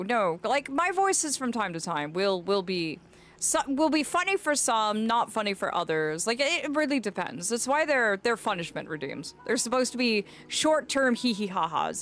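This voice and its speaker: A woman's voice: medium pitch, fairly bright tone. A woman streaming a game, chatting casually and rambling to her viewers with endearments. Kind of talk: casual live-stream chat.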